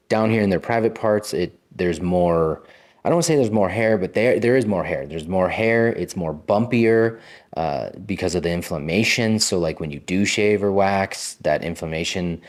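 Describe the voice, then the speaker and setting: A man's voice: sits low, a little mellow. A man hosting a casual health vlog, talking straight to viewers in an emphatic, conversational way with mild cursing. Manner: emphatic, conversational, mildly profane, talks directly to viewers. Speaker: health video host. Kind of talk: casual vlog monologue to camera.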